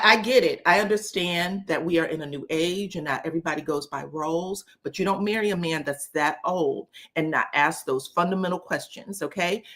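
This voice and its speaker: A woman's voice: on the low side, a bit bright. A woman recapping a reality show in casual talk, sassy and emphatic, swearing freely and acting out what the cast said. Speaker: reality TV commentator.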